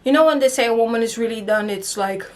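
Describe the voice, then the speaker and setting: Animated high-voiced young woman telling a story. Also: fast talker. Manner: animated, acts out quotes, swears, laughs. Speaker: storyteller vlogger. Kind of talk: casual storytime chat.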